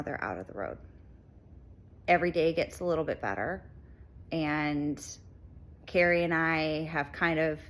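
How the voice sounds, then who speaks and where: Middle-aged woman, lower register, earnest reflective delivery with frequent pauses; heartfelt personal talk to camera. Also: a bit bright. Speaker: channel host.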